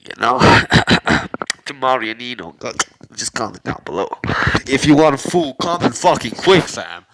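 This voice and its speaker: A man's voice: medium pitch, a bit bright, rough recording. A man casually retelling a fan-made story, rambling, cursing and full of slang and fillers.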